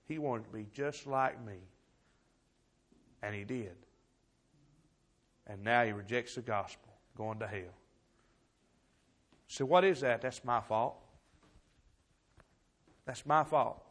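Fiery preacher man. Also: a little high. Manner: impassioned, swings from shouting to hushed storytelling. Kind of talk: fiery revival sermon.

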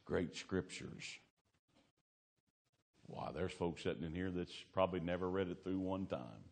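Deep-voiced man preaching. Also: a little slow, vocal fry. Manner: folksy Southern-style preaching, laughing asides, swings from loud to hushed. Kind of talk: sermon with storytelling. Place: church.

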